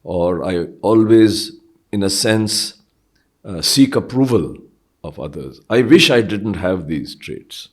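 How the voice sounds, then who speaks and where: A man, speaking as an interview guest in a thoughtful, hesitant way with many pauses and fillers. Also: sits low, lively intonation, slightly rough. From India. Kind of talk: reflective interview conversation.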